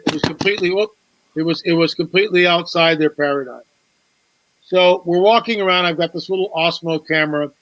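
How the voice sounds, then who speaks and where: A man's voice: fairly high pitch, fairly quick, a bit bright, muffled recording, slight background noise. A man, a guest author on a talk show, telling a story with animation, repeating words and acting out quoted dialogue.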